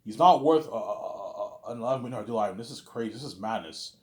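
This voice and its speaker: A man's voice: lowish voice, fast talker, a little mellow, pitched below the performer's own voice, close to an everyday voice. A man voicing a worried male accountant and legal advisor who talks anxiously.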